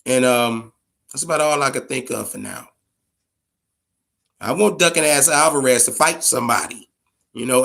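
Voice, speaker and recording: A man rambles through his boxing opinions in a loose, profane way, hammering his points home by saying them again. His voice sits a little higher than most men's. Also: gravelly, a bit bright. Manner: profane, emphatic, repeats himself. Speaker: boxing podcast host. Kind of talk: casual opinionated commentary.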